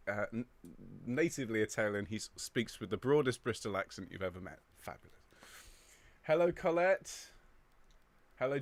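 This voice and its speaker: A chatty man from England hosting a choir live stream, greeting viewers and reading out their comments in a relaxed, upbeat way. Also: mid-range voice. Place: indoor room overlooking a square.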